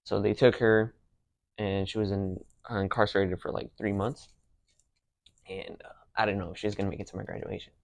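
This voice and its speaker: A man's voice: lowish voice, level tone, a little fast, creaky, a little mellow. A young man hosting a podcast, telling personal stories in a casual, slangy way. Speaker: podcast host.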